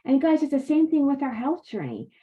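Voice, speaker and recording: Encouraging woman with a slightly high voice. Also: very animated, brisk. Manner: faith-based, encouraging, addresses viewers as "you guys". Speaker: wellness coach. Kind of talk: motivational talk to camera. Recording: slightly dull lo-fi sound.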